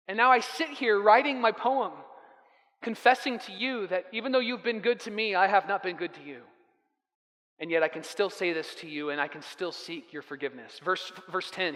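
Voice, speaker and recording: A man's voice: sits high, fairly bright tone. A man in his thirties preaching a sermon, telling family stories and acting out the dialogue. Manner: storytelling with acted-out dialogue. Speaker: pastor. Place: church sanctuary. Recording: echoey hall reverb.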